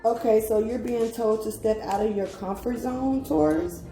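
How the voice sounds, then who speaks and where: A woman's voice: a little high, normal speed, mellow. A woman giving a casual tarot reading who talks bluntly, swears freely, laughs often and trails off into fillers. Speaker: tarot reader. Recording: echoey room with faint music.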